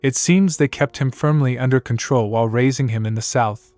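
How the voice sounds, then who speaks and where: A man giving a scripted narration of a comic story in an even storytelling read. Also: medium pitch, fairly quick, no room sound. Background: faint music.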